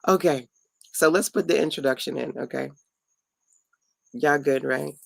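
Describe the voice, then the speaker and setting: A woman's voice: sits low, a little slow, gravelly, long pauses, dry recording, low-quality recording. A middle-aged woman, tired and playful, casually teaching viewers on a late-night home livestream. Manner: chatty and playful, talks to viewers and family mid-stream. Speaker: online business coach hosting a live stream.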